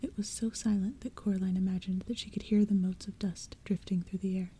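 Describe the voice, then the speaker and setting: A woman reading a storybook aloud as whispered role-play, in a soft, hushed, mostly unvoiced whisper, with faint rain behind her. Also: mid-range voice, steady tone, brisk, husky. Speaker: ASMR audiobook reader. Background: soft rain and thunder.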